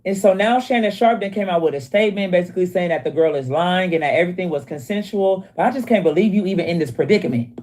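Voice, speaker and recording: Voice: mid-range voice, darkish tone. A narrator reading scripted, mocking celebrity commentary. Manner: quick, mocking, punchy delivery.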